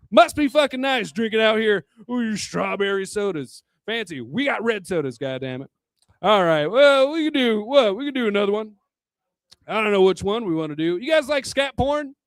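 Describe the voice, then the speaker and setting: A man's voice: high-pitched, very animated, moderate pace, no room sound, clean studio sound. A man doing a stand-up comedy set at a bar into a handheld microphone, crude and rambling, a bit tipsy, chuckling at his own jokes. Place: bar hosting a live comedy night.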